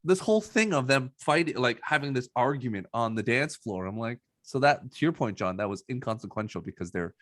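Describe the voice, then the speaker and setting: A man's voice: mid-range voice, lively intonation, fairly quick, hardly any pauses, fairly bright tone, no echo, studio quality. A man co-hosting a podcast, giving blunt, opinionated takes on a movie in casual chat. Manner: opinionated, emphatic, blunt critique. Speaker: podcast co-host.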